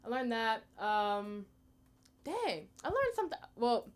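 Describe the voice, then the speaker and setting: Young american woman doing open mic standup, rambly, voice bouncing all over, kinda high. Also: sing-song, takes it slowly, clear, resonant tone. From United States. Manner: chatty, rambling, lots of fillers. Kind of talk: stand-up comedy.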